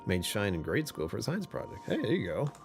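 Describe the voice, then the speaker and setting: A man's voice: on the low side, sing-song, fairly quick, music in the background. A man chatting casually on a live stream, rambling and joking with viewers.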